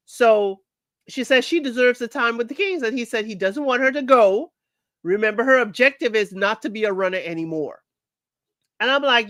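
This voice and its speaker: A chatty woman with a somewhat high voice gives her frank opinions straight to her listeners. The recording is dry and close, with no room sound. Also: lively intonation, normal speed, a bit bright, dry recording. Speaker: podcast host recapping a reality show. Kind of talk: casual recap commentary.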